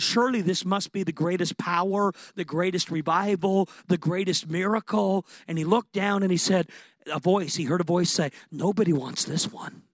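High-voiced impassioned male preacher. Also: dry recording. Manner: impassioned, building to excited peaks. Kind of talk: sermon.

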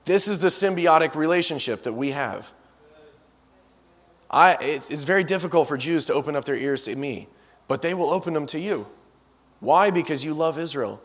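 A man's voice: fairly high pitch, moderate pace, a bit bright. A man preaching as a guest speaker, telling stories with frequent restarts and asides. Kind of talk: storytelling sermon. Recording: long reverb of a large hall.

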